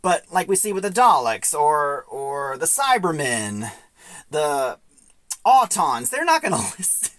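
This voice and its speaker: A woman's voice: low-pitched, very animated, unhurried, dry recording. A young woman casually recapping and reviewing an audio drama, retelling scenes in a chatty way with many asides.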